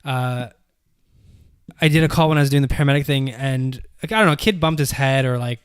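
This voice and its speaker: A man at a middle pitch who talks fast, throwing in blunt asides as a podcast co-host. His voice is recorded dry, with no echo. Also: smooth. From Canada. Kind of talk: casual podcast chat.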